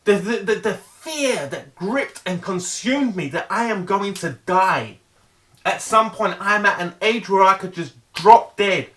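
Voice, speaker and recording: A middle-aged man with a high-pitched voice speaks in an earnest, pleading way. He hammers home points through heavy repetition and often trips over the start of a phrase before pushing on. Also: animated, sharp tone. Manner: earnest, emphatic, heavily repetitive; halting restarts. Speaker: vlogger. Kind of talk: motivational monologue.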